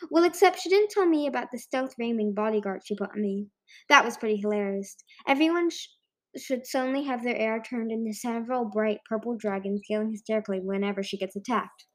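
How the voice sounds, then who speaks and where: A woman voicing a bold, brash young female dragon who talks bluntly and excitedly in a storybook reading. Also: a little high, fairly quick, lightly acted. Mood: lively.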